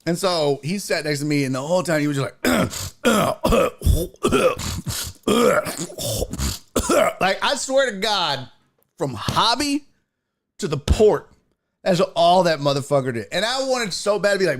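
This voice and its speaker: A man's voice: on the high side, a little slow. A man hosting a sports talk show, telling a profane story in a casual comedic way and putting on other people's voices. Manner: animated, profane, voices people in his stories. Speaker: podcast host.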